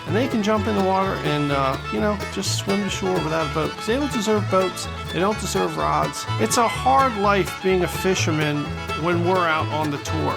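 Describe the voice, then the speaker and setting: A man hosting a video game channel, commentating gameplay with excitable, joking trash talk, over guitar music. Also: high voice, normal speed, vocal fry, hardly any pauses. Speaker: gaming channel host.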